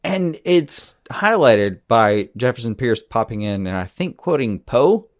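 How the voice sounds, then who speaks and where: A man's voice: mid-range voice, sing-song, a little slow, no echo, studio quality. A man co-hosting a podcast about comic-book shows, chatting casually, laughing often and swearing freely. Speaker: podcast co-host. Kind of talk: casual chat.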